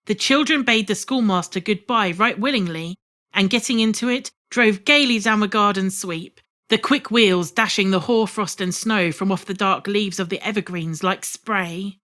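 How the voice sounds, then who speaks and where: Woman audiobook narrator, measured and expressive classic storytelling. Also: medium pitch. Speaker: audiobook reader. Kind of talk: scripted narration of a classic novel.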